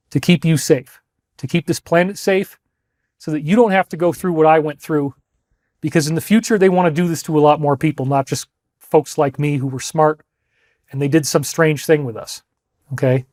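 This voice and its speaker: A man's voice: a little high, a little mellow, dry recording, studio quality. A man hosting a livestream, crying as he speaks emphatically and repeats himself while addressing his listeners as folks. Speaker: host. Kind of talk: emotional livestream monologue.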